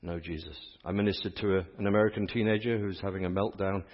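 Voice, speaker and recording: A man's voice: low-pitched, fairly even intonation, fast talker. A man with an English accent, a priest preaching a sermon in an exuberant, chatty way and calling out to his congregation. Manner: exuberant, chatty preaching with audience call-and-response. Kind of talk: sermon at a healing service. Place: church. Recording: echoey church hall, dull sound.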